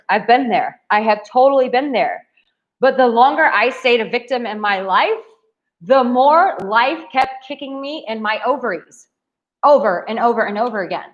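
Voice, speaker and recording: A woman's voice: on the high side, a bit bright, lo-fi sound. Brash, profane woman dating coach. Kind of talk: casual dating advice to camera.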